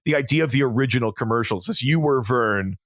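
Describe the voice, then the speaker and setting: A man hosting a casual movie podcast, animated and laughing often as he recaps scenes. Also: mid-range voice, no echo, studio quality. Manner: animated, laughs often, puts on quick character voices. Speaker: podcast host.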